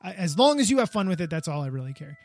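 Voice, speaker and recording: A man's voice: high voice, sing-song, quick pace. A man hosting a casual toy review podcast, talking enthusiastically and rambling, often repeating himself. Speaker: podcast host. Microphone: podcast microphone.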